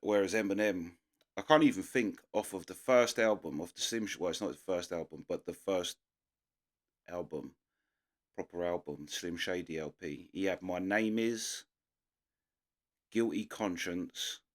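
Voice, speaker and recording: A man's voice: low voice, a little slow. A young man with a London accent giving loose, rambling commentary as a reaction video host. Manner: rambling, loose, full of restarts and fillers. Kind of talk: casual commentary.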